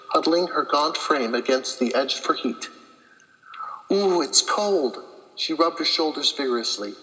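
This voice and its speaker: A woman author reading her own novel aloud in a steady, careful narration. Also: low-pitched. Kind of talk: scripted narration. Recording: long reverb, echoey room.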